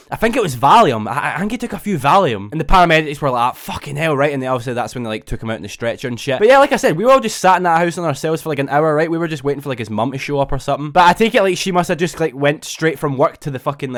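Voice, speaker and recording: A young man rattles through a story at a fast clip. His voice sits a little higher than most men's. He rambles, swears constantly and keeps tagging his lines with "right?". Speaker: vlogger. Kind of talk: casual storytelling to camera.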